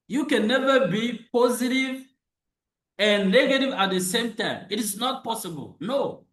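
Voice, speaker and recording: Slow, animated man in an echoey room. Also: very high voice. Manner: repetitive, emphatic, with restarts and rhetorical questions. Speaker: motivational speaker. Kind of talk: motivational monologue.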